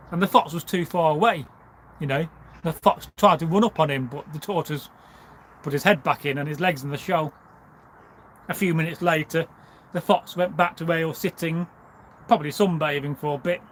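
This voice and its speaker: Slightly high and a bit bright, a man's voice recounts a folk tale on a livestream over some background noise. This storyteller is relaxed and rambling, scattering asides and frequent "you know"s throughout.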